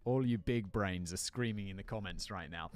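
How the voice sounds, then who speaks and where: A man's voice: sits low, moderate pace, soft background music. A man hosting a comedic commentary video, reading a script with casual, sweary, rambling asides. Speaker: video host.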